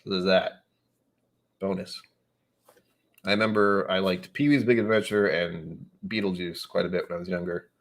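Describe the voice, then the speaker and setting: A man from New England chatting casually on a live stream. He reads out viewer comments and rambles along with wry, sudden animated asides. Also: low-pitched, moderate pace, pauses often.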